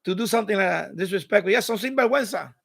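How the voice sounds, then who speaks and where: A man hosting a live stream, casually telling a neighborhood story in an animated way and laughing often. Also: sits high, racing, gravelly, breathy edge.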